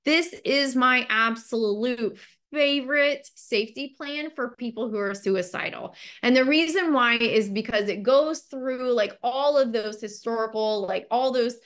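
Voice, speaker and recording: A woman's voice: a little high, a little slow, few pauses, fairly bright tone. A woman mental health counselor giving a training webinar in a loose, conversational way, with lots of "like" and "you know" fillers.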